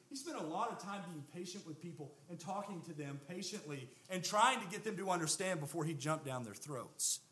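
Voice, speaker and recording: Young man preaching, bright tense voice, slightly high, earnest, emphatic. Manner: earnest, emphatic, with pauses and repetition for stress. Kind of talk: sermon.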